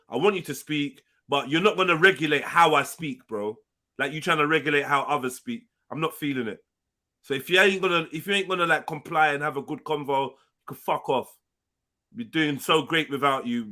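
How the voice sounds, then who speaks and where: A man's voice: mid-range voice, sharp tone. A man hosting a live panel stream, brash, profane and combative in debate.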